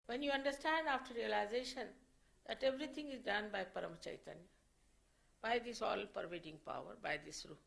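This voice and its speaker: A woman speaking as a spiritual teacher, giving an unscripted lecture in a slow, measured way and often repeating her phrases. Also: medium pitch, gravelly, a bit bright, poor audio.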